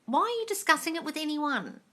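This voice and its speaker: A woman hosts a casual live-stream Q&A, reading viewers' questions and answering them bluntly. Her voice is bright and forward, and she swears without hesitation while calling her listeners darling. She sounds like she is talking into a phone at home. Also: high voice, sing-song, brisk.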